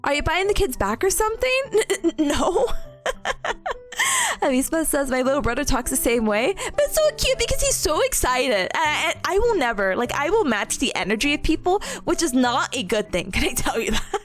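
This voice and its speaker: A woman's voice: high-pitched, normal speed, soft background music. Bubbly, giggly young woman streamer. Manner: bubbly, giggly, storytelling with excited quoted voices. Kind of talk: casual chat with viewers.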